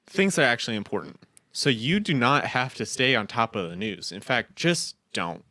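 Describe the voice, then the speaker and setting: A young man co-hosting a podcast, chatting casually in an animated, rambling way with frequent laughs. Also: medium pitch, normal speed, no room sound, clean studio sound. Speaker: podcast co-host. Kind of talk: casual chat.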